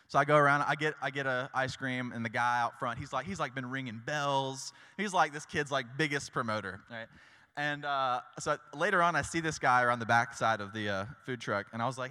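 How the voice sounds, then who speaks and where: A man's voice: a little high, fast, bright, forceful tone. A young man preaching a casual sermon, chatty and full of "like" and "y'all". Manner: chatty, with lots of likes and y'alls. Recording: long hall reverb.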